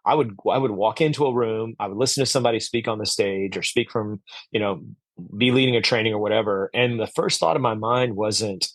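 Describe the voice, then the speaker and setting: A man's voice: on the low side, a little fast, no room sound. A man speaking as a podcast guest, earnest and reflective, with frequent fillers and restarts. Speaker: podcast guest, orchard owner. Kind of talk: conversational interview.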